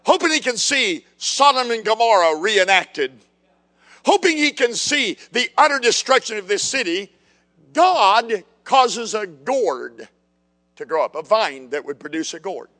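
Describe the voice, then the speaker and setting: A male preacher delivers a fiery sermon and hammers his points home with repeated words. His voice is very high for a man, bright and forceful. A long hall reverb trails after each phrase. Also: very animated, measured pace. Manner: emphatic, repetitive, fiery preaching.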